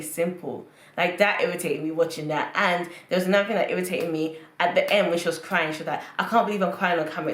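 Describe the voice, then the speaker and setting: Opinionated woman reviewer in an echoey room. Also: lowish voice. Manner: opinionated, repeats phrases for emphasis. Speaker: reality TV reviewer. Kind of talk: casual review commentary.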